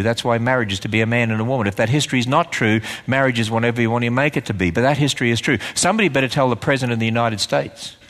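A man preaching a sermon in a church, firing rhetorical questions and swinging between loud, emphatic lines and hushed ones. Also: medium pitch. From Australia. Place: church sanctuary. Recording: large hall with long reverb.

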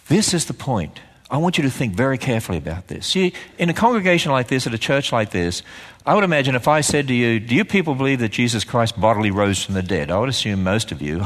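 A man preaching a sermon in a church, firing rhetorical questions and swinging between loud, emphatic lines and hushed ones. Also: mid-range voice. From Australia. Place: church sanctuary. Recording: large hall with long reverb.

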